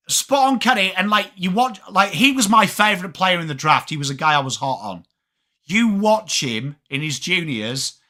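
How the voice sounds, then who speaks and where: A young English man hosting a live sports watchalong, talking fast and casually, swearing freely and answering chat by name. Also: high-pitched. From England. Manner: animated, swearing, reads chat names aloud. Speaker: livestream host.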